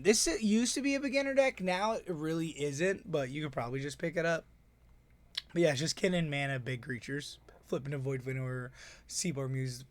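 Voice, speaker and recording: A man giving a casual, excitable, rambling breakdown of the games he played as tournament organizer. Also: mid-range voice. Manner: excitable, rambling, quick asides.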